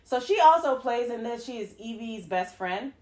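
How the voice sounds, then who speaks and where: A woman co-hosting a casual podcast, recapping a film and acting out characters' lines with jumps into a high voice. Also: moderate pace, roomy sound. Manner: animated storyteller, acts out quotes in a high voice, laughs often. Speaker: podcast co-host. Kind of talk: casual movie recap chat.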